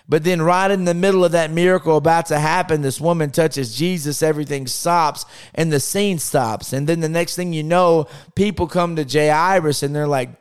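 A man's voice: fairly high pitch, normal speed, hardly any pauses, clean tone. A man preaching a podcast sermon with impassioned rhetorical questions, acting out scripture quotes in his own voice.

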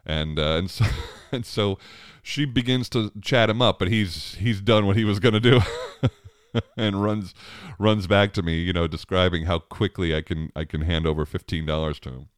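A man's voice: deep voice, moderate pace, clean tone, no room sound, clean studio sound. A man in his thirties, a father, telling a family story in a casual, rambling way, chuckling often and restarting his sentences.

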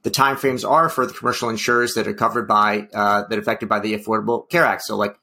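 A man's voice: on the low side, little pitch movement, fast, sharp tone. A man co-hosting a health policy talk show, speaking in a wry, hedging way with many fillers. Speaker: podcast co-host. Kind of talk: casual policy discussion.

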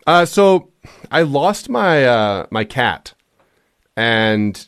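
A man's voice: mid-range voice, big pitch swings, very slow, a bit bright. A man hosting a comedy podcast, telling stories animatedly with sarcasm and casual swearing. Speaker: podcast host.

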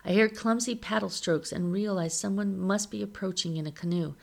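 A woman reading a novel aloud in a steady, measured storytelling manner. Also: mid-range voice, vocal fry. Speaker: reader of a novel.

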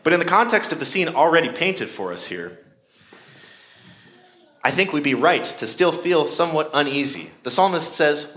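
A man's voice: medium pitch, expressive, normal speed, a bit bright. A man preaching a sermon in a conversational way, with shifting emphasis. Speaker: pastor.

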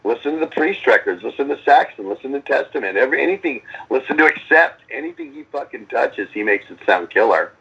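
A man's voice: mid-range voice, expressive, quick pace, vocal fry, hardly any pauses, bright, forceful tone, husky, highs cut off. A middle-aged man, a metal band frontman, answering interview questions in a rambling, profane way, often acting out what others said. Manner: rambling, profane, lots of restarts and acted-out quotes.

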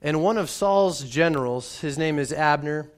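A man's voice: a little high, moderate pace. A man who is a pastor, preaching in a conversational way and often repeating words as he restarts. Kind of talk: sermon with a personal story.

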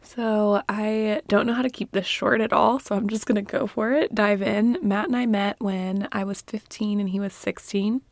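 A young woman in casual chat, chiming in with quick prompts and asides. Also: medium pitch, fairly even intonation, no room sound, clean studio sound. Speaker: co-host.

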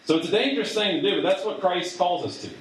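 A man's voice: high-pitched, recorded from a distance, slight background noise. Man preaching in an echoey hall. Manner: conversational, halting, many fillers and restarts. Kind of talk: sermon to a student group. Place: large room with audience.

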